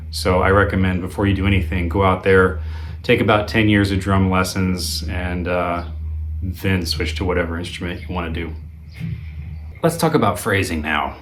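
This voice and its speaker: Relaxed low-voiced male guitar teacher. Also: slight background noise. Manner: relaxed, conversational, with frequent ums and uhs. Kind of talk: video lesson.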